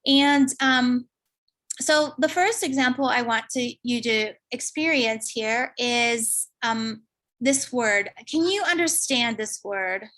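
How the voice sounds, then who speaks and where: A woman giving an online lecture, explaining slowly and thinking aloud with fillers. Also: on the high side, a bit bright.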